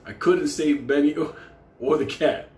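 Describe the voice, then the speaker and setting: A man's voice: a little high, unhurried, darkish tone, echoey room. A man telling a profane, funny story on camera, swearing constantly and laughing through it. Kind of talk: casual profane anecdote. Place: indoor room on camera.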